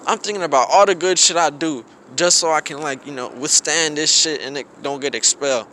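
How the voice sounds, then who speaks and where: Young man, bright and forward tone, casual storyteller who keeps restarting his sentences, recorded outdoors with faint noise behind him. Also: fairly high pitch, a little fast. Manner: slangy, rambling, frequent restarts. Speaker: vlogger. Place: outdoors in snow.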